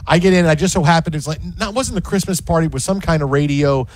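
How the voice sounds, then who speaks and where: Animated high-voiced male sports radio host. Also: dry recording. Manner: animated, quick storytelling with restarts. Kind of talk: casual sports radio chat and storytelling. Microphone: studio microphone.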